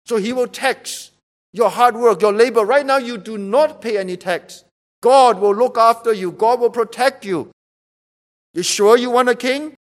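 A man's voice: extremely high pitch, unhurried. A man preaching a sermon, emphatic and repeating rhetorical questions to drive his point home.

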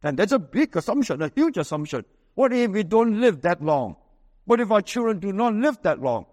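High-voiced Singaporean pastor preaching. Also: male voice, very animated, darkish tone, big-room sound. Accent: Singaporean English. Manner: emphatic preaching with dramatic pitch swings and slow quoted scripture. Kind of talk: sermon.

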